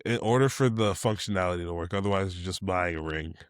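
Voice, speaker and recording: A man co-hosting a casual tech podcast, lively and quick to laugh, short on sleep. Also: deep voice, clean tone, no room sound, clean studio sound. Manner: animated, laughs through stories. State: sleep-deprived. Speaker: podcast co-host.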